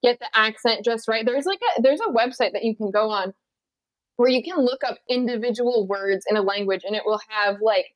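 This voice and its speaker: A woman, an actor guest in a casual interview, talking in a chatty way with restarts and quick laughs. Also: a little high, dry recording, low-quality recording. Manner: chatty, many restarts and likes, laughs easily.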